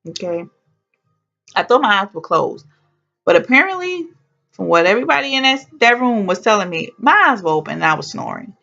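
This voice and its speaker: Woman vlogger, casual story, gravelly fry, muffled lo-fi sound. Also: mid-range voice, sing-song, a little fast, bright, forceful tone. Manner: chatty and heartfelt, with exclamations and slang.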